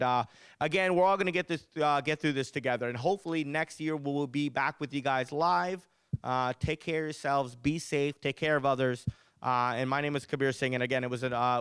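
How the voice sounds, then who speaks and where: A man in his thirties doing an animated stand-up set as host of a charity show. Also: medium pitch, clear, resonant tone, no room sound, clean studio sound. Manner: animated, exaggerated storytelling. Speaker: comedian and event host.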